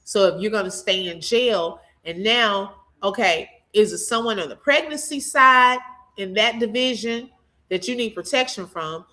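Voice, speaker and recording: Bright-voiced animated woman commentator. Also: mid-range voice, moderate pace. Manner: animated and chatty, laughs often, talks straight to viewers. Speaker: channel host reacting to a court case. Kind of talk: casual live commentary, reading viewer comments.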